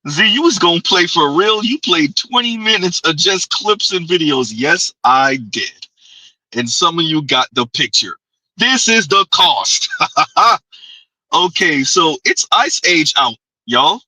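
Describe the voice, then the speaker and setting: Slow-talking man host, bright and distant. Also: fairly high pitch, lively intonation, husky, no room sound. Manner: blunt, profane, joking. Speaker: commentary channel host. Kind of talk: late-night commentary.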